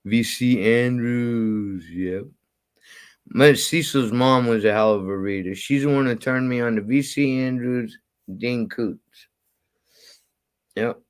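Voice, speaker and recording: A man's voice: medium pitch, takes it slowly, pauses often, clean tone. Profane, rambling man telling stories. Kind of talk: casual storytelling rant.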